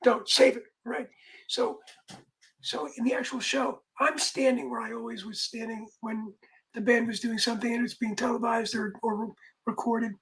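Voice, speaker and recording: A man's voice: very high voice, steady tone, normal speed, gravelly, fairly bright tone, low-quality recording. A man, a music manager, telling a long casual anecdote in a rambling way, full of restarts and quoted dialogue.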